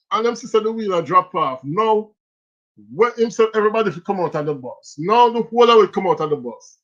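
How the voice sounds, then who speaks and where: Jamaican-accented host, casual live-stream storyteller, lively and giggly, slightly dull lo-fi audio. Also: medium pitch. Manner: animated, laughs often between lines, speaks Jamaican Patois.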